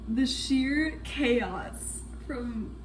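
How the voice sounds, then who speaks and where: A woman chatting casually while baking in her home kitchen, excitable, swearing freely and laughing often. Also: a little high, drawn-out words, roomy sound, background noise. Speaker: baking vlogger. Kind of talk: casual cooking vlog chat.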